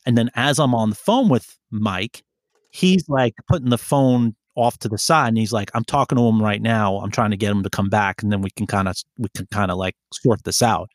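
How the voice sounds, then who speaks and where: A man's voice: on the low side, brisk, no echo, clean studio sound. Profane New man telling a story. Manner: profane, rambling, animated storytelling. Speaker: podcast co-host telling a story. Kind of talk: casual storytelling chat.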